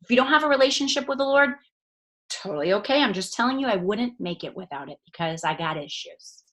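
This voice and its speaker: A woman giving an emphatic motivational talk on a video call, swinging from loud to hushed. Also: medium pitch, lively intonation, quick pace. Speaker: network marketing leader speaking on a call.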